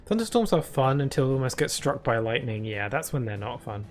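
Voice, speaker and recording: A man's voice: medium pitch, very animated, a little fast, hardly any pauses, soft background music. A man streaming live, chatting casually through rambling stories full of fillers. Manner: rambling anecdotes with many fillers.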